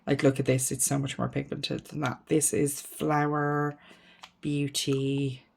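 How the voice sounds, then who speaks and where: A woman's voice: rumbling low, monotone, measured pace, gravelly, darkish tone, a little hiss or hum. A woman beauty vlogger chatting casually as she sorts through her makeup, thinking aloud, frank and self-mocking, trailing off into ums. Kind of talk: casual makeup declutter chat.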